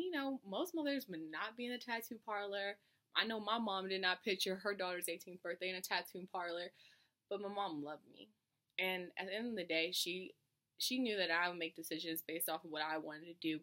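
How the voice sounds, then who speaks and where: A young woman, a college student, giving a heartfelt award speech with an emotional, earnest manner, often restarting and letting words trail off softly. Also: on the low side, a little fast. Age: young adult.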